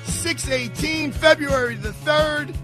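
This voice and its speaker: A man's voice: very high-pitched, slow, over music. A man hosting a radio talk show, boisterous, jokey and theatrical. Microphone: studio microphone.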